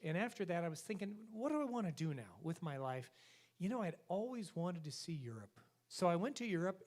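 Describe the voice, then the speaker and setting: A man's voice: a little high, a little mellow, lightly acted. A man voicing a chatty, boastful male talking dog in a joke on stage. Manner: eager storytelling brag.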